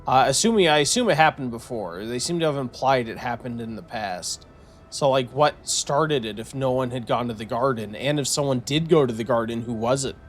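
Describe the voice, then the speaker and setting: A man's voice: medium pitch, fairly quick, soft background music. A man streaming a video game, commenting casually and thinking aloud with lots of restarts and fillers.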